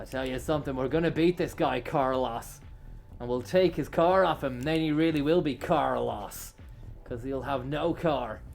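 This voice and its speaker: Playing a racing game, a comedic gaming commentator launches into a crude, profanity-laced, mock-serious rant packed with over-the-top bravado. His voice is a little high, with vocal fry.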